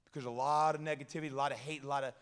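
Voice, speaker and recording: A man giving an energetic motivational chapel talk, leading call-and-response with a crowd in a school hall. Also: medium pitch, racing, clear, resonant tone. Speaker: chapel guest speaker. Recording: echoey hall reverb.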